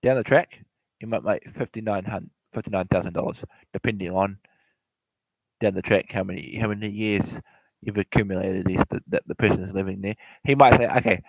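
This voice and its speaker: Heard through narrow, tinny audio with no echo, a man with a low voice and vocal fry speaks briskly about investing in property. His informal lecture rambles and repeats, with frequent self-corrections and direct remarks to the listener.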